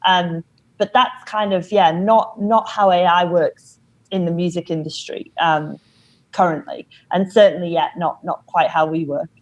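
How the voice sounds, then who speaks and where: Lady on a podcast explaining stuff, lowish voice, measured, lots of you knows. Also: steady tone, a little mellow, highs cut off. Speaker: company founder, podcast guest. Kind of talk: casual interview talk.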